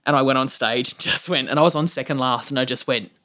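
Australian comic guest, animated storyteller, swears a lot, voice leaps high on quoted lines. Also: fast talker. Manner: animated, swears freely, jumps into high-pitched acted quotes. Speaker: stand-up comedian, guest. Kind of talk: casual storytelling in conversation.

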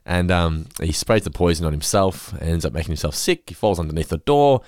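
A man's voice: low-pitched, lively intonation, a little fast, darkish tone, no echo, studio quality. A man, co-hosting a podcast in laid-back, sweary chat with frequent laughs. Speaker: podcast co-host.

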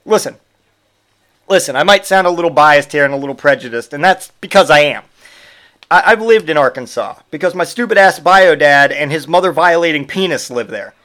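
A man's voice: fairly high pitch, fairly bright tone. A man hosting a podcast, delivering a profane, sarcastic comedic rant. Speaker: podcast host.

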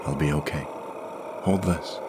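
A man voicing a resourceful, guarded woman agent who speaks dryly and with quiet determination, in an audio story. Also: rumbling low, steady tone, a little slow, heavy background noise. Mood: firm.

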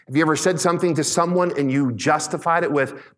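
A man preaching a sermon as pastor, emphatic, slowing on key words and asking the congregation questions. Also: on the high side. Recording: long reverb in a large hall.

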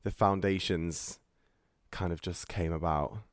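A man's voice: low-pitched, fairly even intonation, unhurried, no room sound, studio quality. A man hosting a podcast, chatty and enthusiastic as he interviews a guest. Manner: chatty and enthusiastic, gushing praise. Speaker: podcast host.

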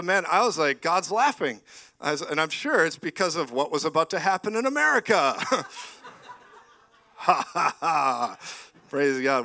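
Male preacher, middle-aged, bright forceful voice, a bit higher-pitched, animated, laughing often. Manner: animated, laughs often, rising to loud exclamations. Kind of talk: lively charismatic sermon.

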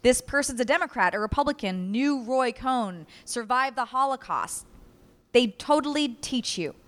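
A woman reading first-person testimony aloud at a live reading, earnest and measured. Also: on the high side, lively intonation, a bit bright. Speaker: reader at a live oral-history reading.

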